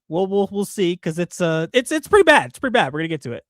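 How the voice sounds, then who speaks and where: A man with a notably high speaking voice hosts a livestream and reads viewer messages aloud, joking and teasing as he goes. He stumbles over his words and restarts often. The sound is close and very dry. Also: sing-song, racing, hardly any pauses, a bit bright, no echo. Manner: stammering restarts, playful and teasing. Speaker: livestream co-host. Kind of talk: casual chat, reading out viewer messages.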